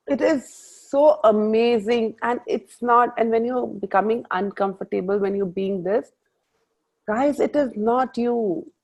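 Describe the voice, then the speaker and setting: A woman's voice: fairly high pitch, unhurried. A woman leading a group coaching call, telling stories animatedly and quoting her own thoughts. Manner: animated storytelling with quoted self-talk. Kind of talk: casual group coaching talk. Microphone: video call. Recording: muffled video-call audio.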